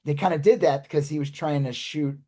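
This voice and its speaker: A man's voice: a little high, steady tone, brisk, mellow. A man co-hosting a podcast, chatting loosely about a movie, swearing casually and trailing off mid-sentence. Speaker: podcast co-host.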